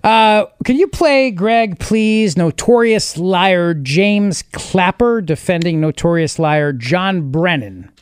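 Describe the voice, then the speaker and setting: High-voiced joking radio host. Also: male voice, animated, takes it slowly, few pauses, clean tone, dry recording. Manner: joking, reads listener tweets aloud. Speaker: radio talk show host. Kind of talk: casual talk radio banter. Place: radio studio.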